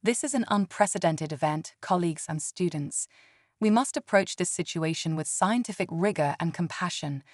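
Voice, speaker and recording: A courteous tree-like alien professor speaks with a melodious, formal cadence, as a woman narrator reads him in her low voice. The delivery is measured, and the sound is dry and close. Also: dry recording, lightly acted. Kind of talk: scripted narration.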